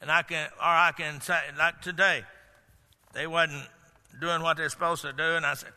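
Delivered at a moderate pace with little pitch movement, this sermon comes from a male pastor whose high voice rings very bright and sharp. He combines plain stories with emphatic declarations, and the long reverb evokes a large sanctuary.

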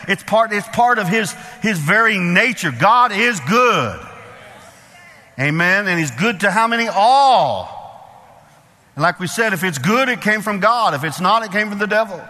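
A man with a sharp, fairly high voice preaches a sermon as a pastor, emphatic and repetitive. He throws in call-and-response asides to the congregation, and the recording carries a long hall reverb.

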